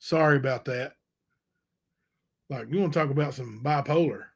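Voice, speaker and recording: A male livestream host reading letters aloud and commenting on them, halting and unsure, with many fillers. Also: medium pitch, creaky, slightly rough.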